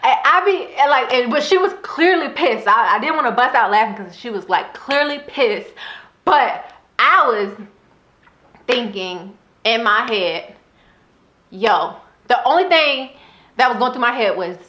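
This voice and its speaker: A young woman telling a casual storytime vlog, animated and often breaking into laughter as she talks. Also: a little high, a little slow, roomy sound. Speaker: vlogger.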